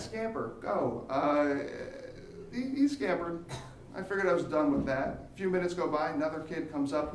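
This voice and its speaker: A young man performing an animated stand-up comedy set on a theater stage, jumping into high squeaky voices for the people he quotes. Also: normal speed. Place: theater stage, live audience. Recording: echoey theater from far off.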